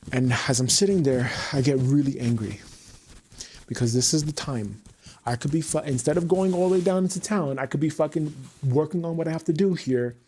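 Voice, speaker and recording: A man's voice: mid-range voice, warm tone, slight background noise. A man talking unscripted on his livestream, venting heatedly and swearing often.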